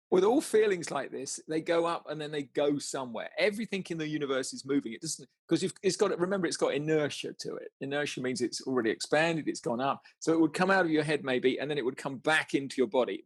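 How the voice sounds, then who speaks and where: A man's voice: a little high, lively intonation, fast, husky, no room sound. A man guiding a listener through an exercise in casual conversation, stumbling over words, restarting often and laughing as he goes.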